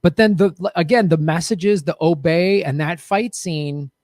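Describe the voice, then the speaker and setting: Male podcast host, high-pitched, dry close sound, emphatic and indignant in casual chat. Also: normal speed, a little mellow, no echo.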